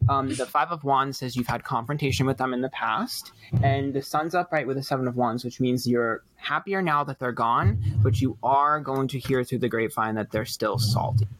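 A young man reading tarot cards on a group voice call, relaxed and rambling, swearing loosely. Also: medium pitch, moderate pace, hardly any pauses, no echo. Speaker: tarot reader.

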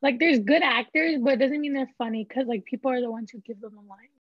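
High-voiced teen girl, dry lo-fi sound. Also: quick pace, slightly rough, no echo. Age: teens. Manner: rambling, frank, filler-heavy. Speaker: teen panelist. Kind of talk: casual chat.

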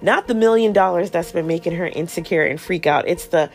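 Woman podcast host, low gravelly voice, chatty slangy recap, faint music behind. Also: brisk. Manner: chatty, slangy, swears freely; retells scenes acting out characters' lines. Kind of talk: casual chat recap.

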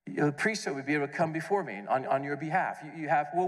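Animated man preaching in a reverberant hall. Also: on the high side, fast, hardly any pauses. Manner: animated, acts out questions and answers, repeats words. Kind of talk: conference sermon.

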